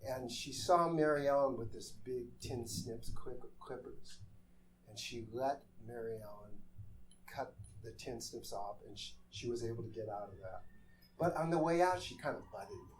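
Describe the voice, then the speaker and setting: A man telling a comic story live on a theater stage, animated and exasperated, acting out the voices in his tale. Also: medium pitch, moderate pace, slight background noise. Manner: animated, exasperated, acts out quotes.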